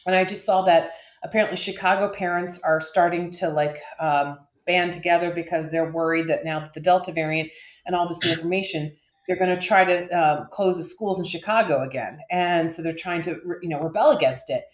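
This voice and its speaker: A woman's voice: fairly low pitch, fairly even intonation, fairly quick. Woman co-host, casual and fed-up, rambles and curses, recorded in a roomy, echoing space. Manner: frustrated, profane, rambling with many fillers. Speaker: podcast co-host. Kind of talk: casual ranting chat.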